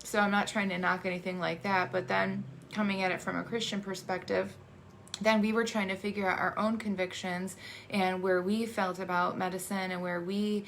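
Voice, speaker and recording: A woman in her thirties, an adoptive mother, tells her family's story in a halting, emotional way, with many fillers and restarts. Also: mid-range voice, level tone, creaky, slight background noise. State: emotional, choking up. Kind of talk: personal storytelling monologue.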